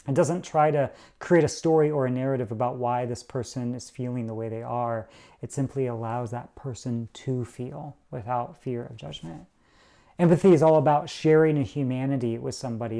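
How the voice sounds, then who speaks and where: A man's voice: a little high, mellow. A man preaching a sermon as pastor, earnest and conversational, slipping into little quoted voices to make his point.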